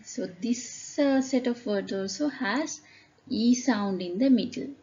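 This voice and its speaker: Lady teacher doing phonics, super slow, mellow voice, kinda dull lo-fi sound. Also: fairly high pitch, a little hiss or hum. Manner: slow and deliberate, calling out each word loudly. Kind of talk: phonics lesson, reading word lists aloud.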